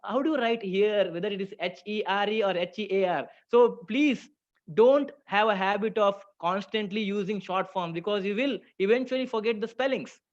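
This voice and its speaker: Man, high voice, teaching a chatty online class, muffled audio. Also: moderate pace. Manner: chatty, asks the class questions, reads out their answers.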